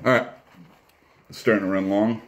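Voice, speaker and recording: A man's voice: lowish voice, little pitch movement, normal speed. A man who owns a comic shop, giving a casual, rambling, blunt review while he eats.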